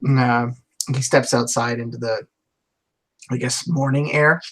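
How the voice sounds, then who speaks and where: A man playing in a tabletop game, describing his actions in a hesitant, halting way. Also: mid-range voice, fairly even intonation, a bit bright. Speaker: player.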